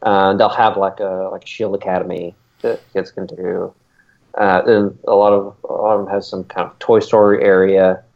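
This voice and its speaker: On a dull, lo-fi recording, a podcast co-host with a low-pitched, gravelly voice talks at a moderate pace. He's chatting casually, rambling and excitable, with plenty of "uh" fillers.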